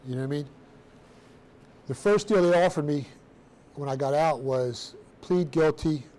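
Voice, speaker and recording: A middle-aged man telling his own story to a room of students in a blunt, streetwise, animated way, with casual slang. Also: a little high, normal speed. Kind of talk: personal storytelling talk to students.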